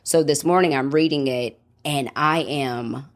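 A woman's voice: very deep voice, measured pace. A woman in her thirties hosting a faith podcast, reading a devotional and then talking personally in an earnest, reflective way. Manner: earnest, reflective, with restarts and fillers. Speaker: podcast host.

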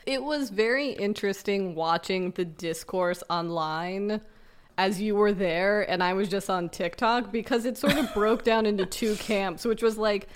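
A woman co-hosting a podcast in casual chat, with quick teasing quips and opinionated asides. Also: mid-range voice. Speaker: podcast co-host.

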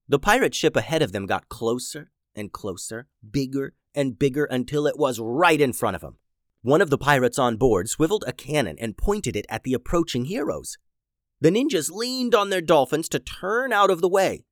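Lively male children's storyteller. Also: fairly high pitch, normal speed, no echo, studio quality. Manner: animated, dramatic storytelling. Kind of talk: scripted children's story narration.

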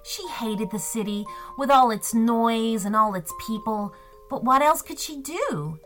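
A woman narrating a children's story in an expressive, sing-song storytelling way. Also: on the high side, unhurried, soft background music.

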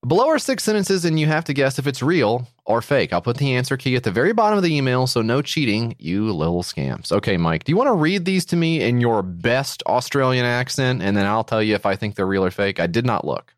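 A man's voice: mid-range voice, sing-song, brisk, few pauses, dry recording, studio quality. A man co-hosting a podcast in casual comedy chat, joking, swearing casually and playing mock-indignant. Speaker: podcast co-host.

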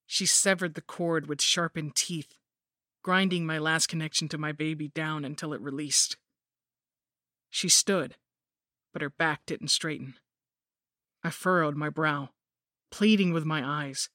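A woman reads a horror story in the first person, with a measured, grim pace. Her voice is bright and sits close to the mic in a dry room. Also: low voice, steady tone, dry recording. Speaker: narrator. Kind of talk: scripted horror narration.

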